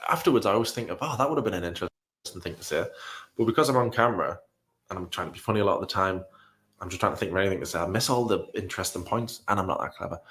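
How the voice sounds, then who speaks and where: Male commentator, low voice, rambling reaction talk, wry and sighing. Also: fairly bright tone. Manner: rambling, self-deprecating, frequent ums and sighs.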